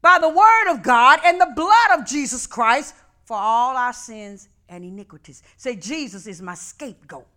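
Woman preacher, high-pitched, rhythmic and fervent, repeats lines, goes from hushed to shouting. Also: lively intonation, normal speed, few pauses. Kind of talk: call-and-response sermon.

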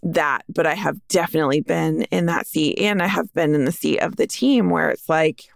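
A woman's voice: low voice, moderate pace, creaky, no room sound, studio quality. A female podcast co-host, a practice management consultant, speaking earnestly and casually.

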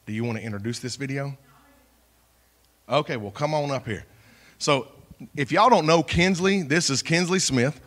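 Pastor, male, folksy and warm from the pulpit, mid-range voice. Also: medium pitch, normal speed, pauses often. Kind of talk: church sermon.

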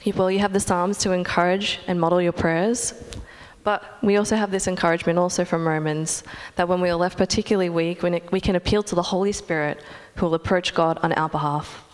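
A young woman delivers a sermon in an earnest, measured tone, pausing to let her points settle. Her voice sits fairly low for a woman and carries a long reverb, as if spoken in a large hall. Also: fairly even intonation. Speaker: preacher.

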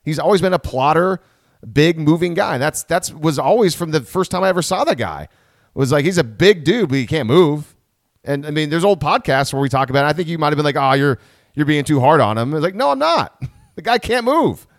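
A man's voice: fairly high pitch, expressive, no room sound. Rambling man on a dry close mic. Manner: rambling, self-correcting, quick asides. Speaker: podcast host. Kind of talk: casual sports podcast chat.

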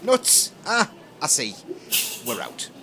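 A man's voice: a little high, wildly swooping pitch, slow, background noise, full character voice. A man playing a polite, dim-witted shop assistant in a comedy audio play.

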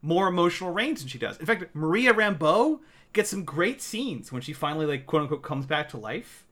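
A man co-hosts a casual podcast, his voice bright and a little higher than most. He is sarcastic, laughs often, and acts out lines from the movie he is discussing. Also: very animated, brisk. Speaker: podcast co-host. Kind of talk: casual movie-review chat.

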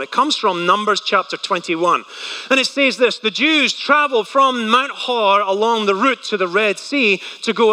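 Male pastor, high and very bright voice, animated joking sermon, long hall reverb. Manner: animated, joking preacher with rhetorical questions.

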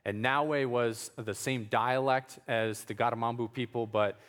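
A man's voice: mid-range voice, fairly even intonation, unhurried, a bit bright, in a large hall. A man telling a story from his missionary work in a loose, conversational way, with fillers and small chuckles. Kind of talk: storytelling talk.

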